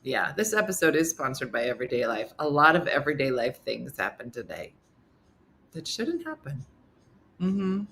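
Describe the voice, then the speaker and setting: Middle-aged lady hosting a live morning chat, bright tone, acts out everyone in her stories, bit of hiss behind. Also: extremely low pitch, moderate pace. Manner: animated storyteller, acts out quotes. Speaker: host of a live morning show. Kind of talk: casual chat reading viewer comments.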